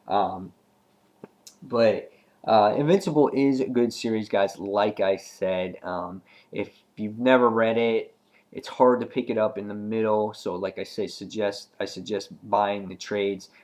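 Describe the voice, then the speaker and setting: A man's voice: lowish voice, moderate pace, a little mellow. A man casually reviewing a comic book, recapping the plot in a rambling way with lots of ums and restarts.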